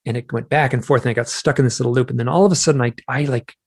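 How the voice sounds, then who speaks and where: A man, a guest author, recounting a personal experience in conversation, acting out his own shouted lines as he tells it. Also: mid-range voice, lively intonation, racing, gravelly. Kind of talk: telling a personal story in a conversation.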